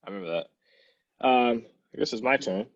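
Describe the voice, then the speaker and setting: A man's voice: medium pitch, a little fast, no echo. A man chatting casually as a podcast co-host, easygoing with fillers like "um" and "you know". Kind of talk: casual chat. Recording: dull lo-fi sound.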